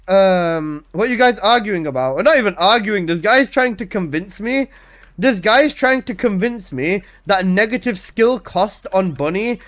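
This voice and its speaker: High-voiced excitable gaming streamer man. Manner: excitable, teasing, swears, repeats himself. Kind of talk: casual live-stream banter.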